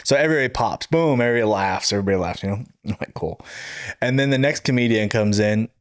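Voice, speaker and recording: A man's voice: medium pitch, racing, no echo, clean studio sound. A man co-hosting a podcast, telling a funny night-out story in casual chat, acting out quotes and laughing as he goes. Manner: animated, laughs while telling stories, acts out quotes. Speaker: podcast co-host.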